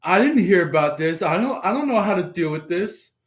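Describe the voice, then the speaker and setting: A man voicing a jealous, scheming rival who calls out in a high, taunting voice during a tarot reading. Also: expressive, a little fast, roomy sound. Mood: flustered.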